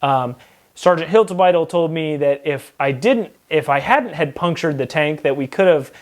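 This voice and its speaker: A man's voice: on the high side, normal speed. A man casually telling a rambling, profane personal anecdote, acting out what people said. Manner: rambling, profane, acts out quoted lines. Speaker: storyteller.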